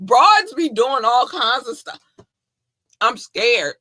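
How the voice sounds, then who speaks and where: Bubbly bright-voiced woman podcaster. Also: on the high side, very animated, slow pace, no echo. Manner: bubbly and effusive, shouting out listeners. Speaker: podcast co-host. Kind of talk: casual podcast chat.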